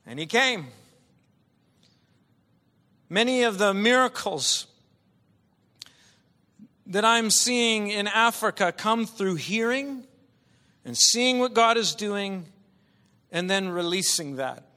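A male preacher delivering an impassioned sermon, swinging from quiet talk to shouting. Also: sits high, lively intonation, slow, long pauses. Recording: long hall reverb.

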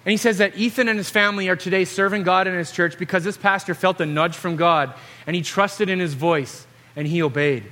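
A man's voice: high voice, steady tone, a little fast, pushed and bright. A man preaching an earnest sermon, exhorting and telling stories to the congregation. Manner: earnest, exhorting, storytelling delivery.

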